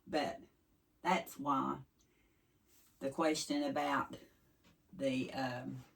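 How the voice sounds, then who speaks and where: A woman's voice: a bass voice, steady tone, drawn-out words, creaky. A woman from East Tennessee with a Southern accent, chatting casually to her viewers in a folksy, rambling way. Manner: folksy, chatty, wanders off track. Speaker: vlogger. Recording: voice a little distant from the mic.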